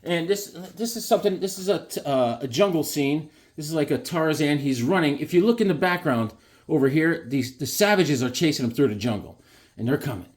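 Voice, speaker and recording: This man chats to the camera about his comic books and drawings in a slightly high voice whose pitch rises and falls dramatically. Animated throughout, he jumps into quick silly voices and shouts.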